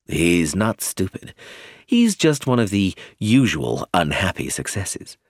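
A man voicing a self-assured, teasing young man in a low, unhurried, wry tone. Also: sing-song, no echo, clean studio sound, heavily acted.

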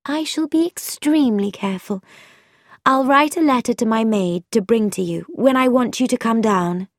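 A woman doing a bright, eager young lady. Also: a little high, moderate pace, no echo, clean studio sound, pitched above the performer's own voice, lightly acted. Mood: calm. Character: hearty young woman, playful, daring.

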